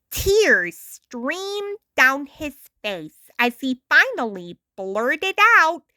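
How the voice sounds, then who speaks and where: A woman reading a storybook aloud with a deliberate, expressive storytelling manner. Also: sits high, no room sound, clean studio sound. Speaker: storytime reader.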